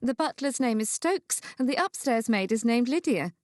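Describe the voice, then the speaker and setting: A woman voicing a kindly young sister-in-law who speaks in a reassuring, warm manner. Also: fairly high pitch, animated, moderate pace, dry recording, studio quality, voice pushed up, close to an everyday voice. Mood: explaining.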